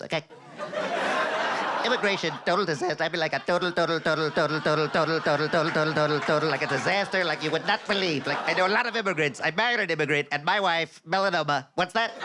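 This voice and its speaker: A stand-up comedian doing a fast, high-pitched impression of a rambling, repetitive president. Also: male voice, heavy background noise, natural voice. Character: sped-up helium impression of a blustering male president.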